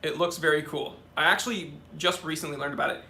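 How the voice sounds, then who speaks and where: Bright-voiced man hosting a live Q&A. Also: on the high side, fairly even intonation, quick pace, a little hiss or hum. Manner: chatty, answers questions off the cuff, talks to his cats. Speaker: watch channel host. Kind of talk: live-stream Q&A reading viewer comments.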